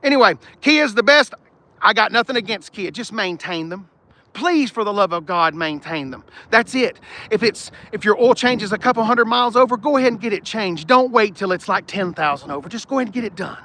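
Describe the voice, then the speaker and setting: A car channel host streams live from an outdoor car lot, joking bluntly with viewers in a high, expressive, brisk voice with a sharp edge. He has no external mic, and wind keeps hitting the one recording him.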